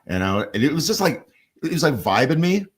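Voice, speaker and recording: A man's voice: a little high, sing-song, brisk, breathy edge. A man guest on a radio show, casually telling rambling stories about recording music and swearing offhandedly. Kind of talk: casual radio studio chat.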